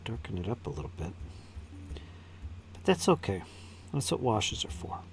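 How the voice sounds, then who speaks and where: A man's voice: lowish voice, sing-song, moderate pace, gravelly, faint music behind. A man hosting a live stream, chatting casually and muttering to himself while he paints miniatures. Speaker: channel host painting miniatures.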